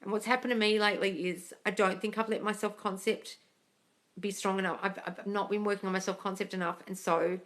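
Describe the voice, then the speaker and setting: A woman's voice: medium pitch, steady tone, brisk, a bit bright. A woman hosting a live question-and-answer stream as a manifesting coach, talking casually, earnestly and emphatically as she opens up about her own struggles.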